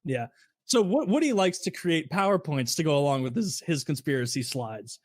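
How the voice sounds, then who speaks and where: A man on a podcast talks in a laid-back, casual way and reads quotes out slowly and deliberately. His voice sits a little high for a man. The sound is dry and close to the mic, with no room around it. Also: lively intonation, dry recording. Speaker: podcast co-host presenting a conspiracy theory. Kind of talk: casual comedic podcast chat.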